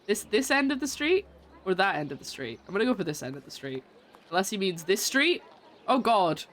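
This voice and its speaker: A woman's voice: medium pitch, very animated, brisk, a bit bright. A woman streaming a video game and chatting casually as she plays, giggling often and making fun of herself. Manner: giggly, chatty, self-mocking. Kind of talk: casual let's-play commentary.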